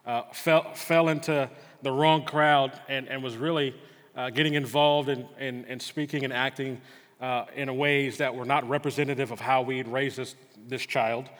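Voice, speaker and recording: Earnest middle-aged pastor in reverberant church. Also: male voice, medium pitch, steady tone, normal speed, fairly bright tone. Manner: earnest storytelling, frequent stammered restarts. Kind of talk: sermon with personal story. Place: church sanctuary. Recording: long hall reverb.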